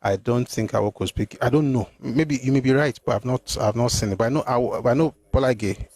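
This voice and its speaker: A man hosting a live stream, answering viewer comments in an animated, exclamatory way, often repeating himself. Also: medium pitch, brisk, no room sound. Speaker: host.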